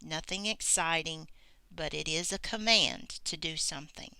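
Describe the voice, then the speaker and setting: A woman teaching a grammar lesson in a slow, unhurried way. Her voice is bright and smooth, sitting a little low. She explains deliberately and acts out example sentences as she goes. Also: no room sound.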